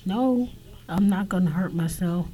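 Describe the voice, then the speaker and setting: A man talking alone on his podcast in a halting confessional monologue, often dropping to a whisper and swearing. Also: high voice, warm tone, soft background music, rough recording. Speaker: podcast host.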